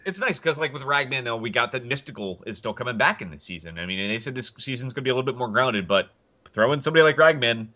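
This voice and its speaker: Bright-voiced man chatting eagerly. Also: medium pitch, fast talker. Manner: excited, rambling, animated when joking. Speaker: podcast co-host. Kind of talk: casual chat.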